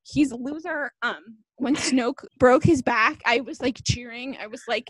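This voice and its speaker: A woman's voice: fairly high pitch, moderate pace, few pauses, a bit bright, dry recording, low-quality recording. A young woman co-hosting a podcast, ranting in a fired-up, casual way, full of "like.". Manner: fired-up, ranting, heavy use of "like". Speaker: podcast co-host.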